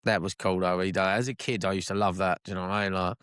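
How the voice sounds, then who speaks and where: A man with a Cockney accent co-hosting a wrestling podcast, chatting casually in long, excitable, rambling stretches and swearing freely. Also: deep voice, fast, clear, resonant tone, no echo, studio quality. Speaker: podcast co-host. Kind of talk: casual chat.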